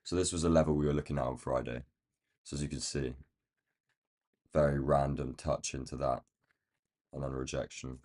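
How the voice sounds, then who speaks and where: Deep, croaky man streaming trades. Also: steady tone, normal speed, pauses often, darkish tone. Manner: thinking aloud while marking up charts. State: croaky, feeling rough. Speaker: day trading livestream host. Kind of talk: casual live chart commentary.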